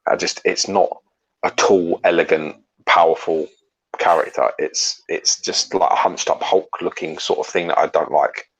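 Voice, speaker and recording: A man with a very low, gravelly voice talks in a loose, casual livestream chat. His tone is husky and rough at the edges. He is blunt and opinionated and swears without a second thought. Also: fairly even intonation, normal speed, a bit bright, low-quality recording. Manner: frank, opinionated, swears freely. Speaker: co-host.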